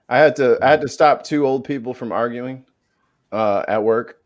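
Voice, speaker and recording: A man's voice: mid-range voice, moderate pace. A man in a casual chat, cracking sarcastic jokes and swearing through reenacted arguments.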